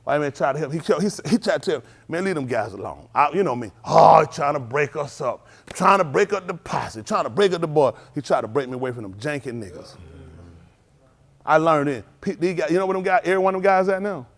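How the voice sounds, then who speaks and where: A man's voice: a little high, fast. A middle-aged man preaching on a livestream, telling street stories and acting out the dialogue while scolding his listeners. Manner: animated storytelling, acts out dialogue, scolding the audience.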